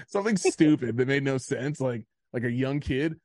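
A man's voice: medium pitch, moderate pace, darkish tone, no room sound, clean studio sound. A man co-hosting a podcast, telling a story in casual chat, rambling and swearing with lots of "like". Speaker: podcast co-host.

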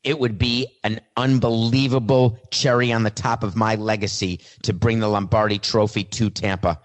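A man's voice: fairly low pitch, little pitch movement, moderate pace, close to an everyday voice. A man voicing a famous male star quarterback who answers press questions with blunt honesty, in his own plain voice. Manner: plain own voice, no attempt at an impression. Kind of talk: mock press-conference monologue.

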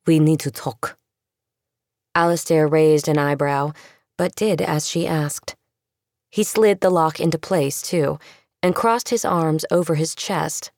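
Low gravelly female narrator. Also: darkish tone, dry recording, studio quality. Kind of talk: audiobook narration.

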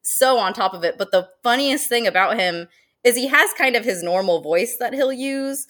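A woman who manages zoo education, guesting on a podcast, talking in a lively way and laughing often. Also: on the high side, normal speed. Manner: animated and chatty, laughs often, uses many fillers. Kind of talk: casual podcast interview.

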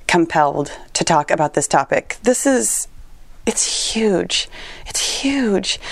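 A woman's voice: fairly low pitch, darkish tone, no echo. Tearful woman podcast host, dry mic. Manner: emotional, tearful, laughs often, repeats words while searching for them. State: on the verge of tears. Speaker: podcast host and fitness trainer. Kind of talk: personal podcast monologue.

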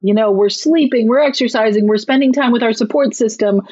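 A woman's voice: on the high side, brisk, darkish tone, husky, no echo. A woman and parenting author, explaining emphatically and chattily in an interview. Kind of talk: conversational advice interview. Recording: slightly muffled recording.

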